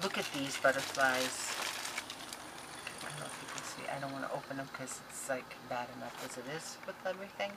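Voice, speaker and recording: A woman vlogger opening crafting mail on camera, gushing, excitable and talking straight to her viewers and the senders. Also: a bass voice, fairly quick, creaky, heavy background noise. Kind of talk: casual unboxing chat to camera.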